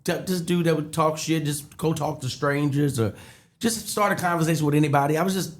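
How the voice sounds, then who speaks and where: A man's voice: fairly high pitch, fairly quick. A man, a comedian guest telling stories in casual podcast chat and acting out the other people's voices. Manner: animated storyteller acting out voices.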